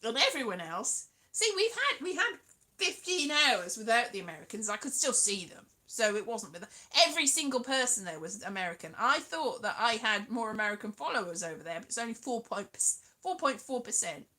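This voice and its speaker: A woman's voice: on the high side, sing-song, fairly quick, pushed and bright. A young woman vlogging in a rambling, giggly, self-mocking way, dropping to mutters and jumping to squeals. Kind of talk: rambling casual vlog chat.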